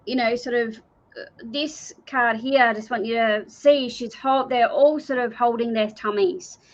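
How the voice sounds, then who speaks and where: An Australian woman giving a live intuitive card reading in an earnest, repetitive, pleading manner. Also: on the high side. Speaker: card reader. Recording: dull lo-fi stream audio.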